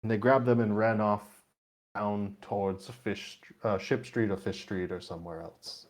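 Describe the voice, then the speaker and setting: A man's voice: on the low side, steady tone, unhurried, close to an everyday voice. A man voicing an eccentric old male shopkeeper who loves the colour purple and speaks in a genteel, haggling manner. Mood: recalling. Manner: genteel, haggling, pipe-puffing.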